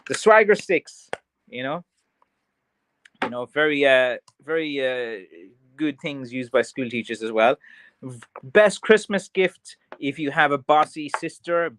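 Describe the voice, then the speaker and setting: A man's voice: medium pitch, fairly bright tone, no echo. Rambling Irish man, dry close sound. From Ireland. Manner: rambling and chatty, many fillers and restarts. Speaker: craft seller hosting a livestream. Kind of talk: casual livestream chat, reading viewer comments.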